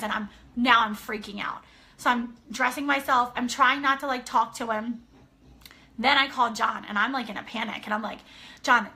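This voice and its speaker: A woman in her thirties, an author telling a personal story in an earnest, animated way, often checking in with her listeners. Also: a little high, fairly quick. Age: 30s. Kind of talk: casual personal talk.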